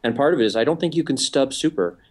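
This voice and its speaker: A man's voice: medium pitch, lively intonation, fast talker. A man on a podcast panel thinking aloud in casual technical discussion.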